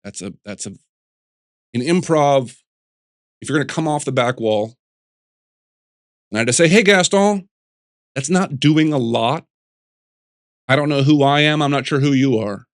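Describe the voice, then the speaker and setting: Animated man telling stories, dry close sound. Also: mid-range voice, moderate pace, long pauses, dry recording. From United States. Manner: animated storyteller, jumps into voices and restarts. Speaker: guest sculptor. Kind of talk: casual interview chat.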